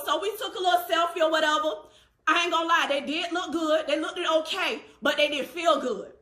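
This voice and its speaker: A woman recounts her story casually to a phone. Her voice is high and bright. She quotes other people as she goes and laughs in between, and the room around her sounds hollow and echoey. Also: a little fast. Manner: animated, quotes others in their voices, laughs while telling. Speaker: vlogger telling a personal story.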